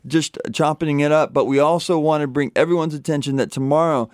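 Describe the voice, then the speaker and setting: Brisk male co-host, smooth voice. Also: fairly high pitch, steady tone. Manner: brisk, promotional. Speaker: radio co-host. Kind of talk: announcements on live radio.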